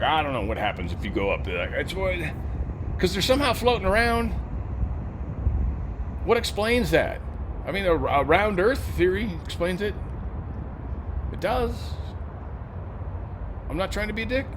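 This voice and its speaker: A man hosting a casual news commentary show. He rambles, jokes and swears, and his pitch and loudness swing a lot. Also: slight background noise. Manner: joking, rambling, profane. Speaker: show host.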